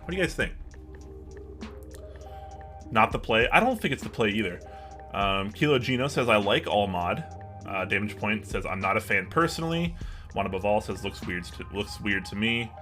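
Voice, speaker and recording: A man's voice: fairly low pitch, expressive, normal speed, pauses often, bright, forceful tone, faint music behind. A man hosting a live stream in casual chat, thinking aloud and asking viewers for their opinions with frequent restarts. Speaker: livestream host.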